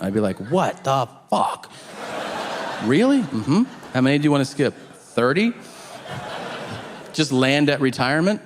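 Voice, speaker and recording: A man doing a stand-up set with a deadpan, profane delivery, slipping into quick voices for the people in his stories. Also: medium pitch. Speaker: stand-up comedian. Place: theater stage before a laughing audience. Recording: long hall reverb, audience noise.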